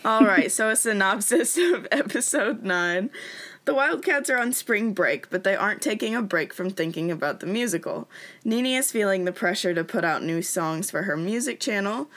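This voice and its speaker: A young woman, co-hosting a podcast in casual chat, chatty and quick to laugh, her voice still in its morning state. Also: medium pitch, expressive, fairly bright tone. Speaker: podcast co-host.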